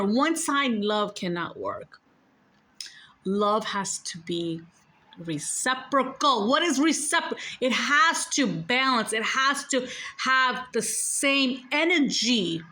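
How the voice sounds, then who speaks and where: A woman's voice: mid-range voice, measured pace, bright, forceful tone. A woman with a New York accent tells a spiritual story to her viewers in a casual, emphatic, blunt way, cursing freely and repeating her points.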